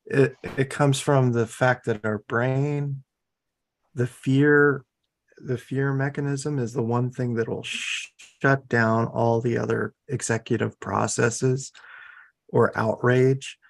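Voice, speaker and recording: A man joining a livestream chat, explaining points calmly with some restarts. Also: mid-range voice, slow, creaky. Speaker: livestream guest. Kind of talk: casual group chat on a livestream.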